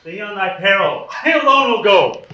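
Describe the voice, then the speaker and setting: An actor playing a curt, dismissive young suitor, speaking brusque lines on a live stage. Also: male voice, high-pitched, animated, moderate pace, sharp tone, dull audio, exaggerated voice. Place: theater stage. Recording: echoey stage, distant and noisy.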